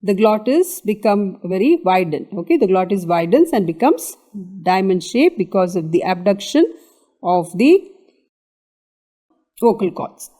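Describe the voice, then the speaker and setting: Indian woman teaching an anatomy lecture, mellow voice. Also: medium pitch, very animated, measured pace. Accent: Indian English. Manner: explains step by step, often checking with "okay". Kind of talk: exam revision lecture.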